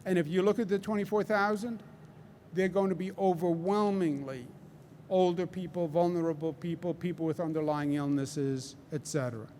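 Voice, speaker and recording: A man's voice: high-pitched, steady tone, normal speed, darkish tone, slight background noise. A man with a Queens New York accent giving a public press briefing, emphatic and repeating key phrases for stress. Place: large indoor hall.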